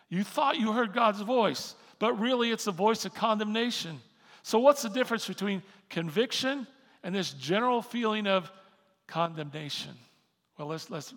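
Man, pastor, sermon, gravelly voice, slightly high pitch, animated delivery, reverberant hall. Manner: animated preaching, swings from soft asides to shouted emphasis.

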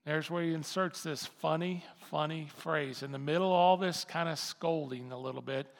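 A man's voice: on the high side, moderate pace, vocal fry. An older male pastor giving a conversational sermon, repeating phrases for emphasis. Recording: long hall reverb.

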